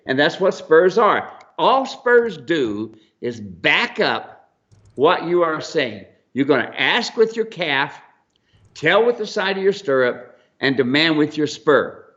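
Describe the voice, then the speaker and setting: Folksy rambling mule trainer. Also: male voice, fairly high pitch, a bit bright. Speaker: mule trainer and ranch owner. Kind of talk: folksy storytelling on a radio show. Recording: dull lo-fi broadcast audio.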